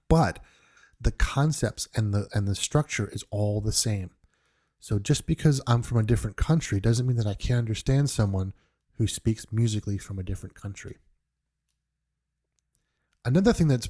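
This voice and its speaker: With a dark voice on the low side and a moderate pace, a podcast host from New York talks through an unscripted monologue. He sounds earnest and reflective, frequently starting his sentences over.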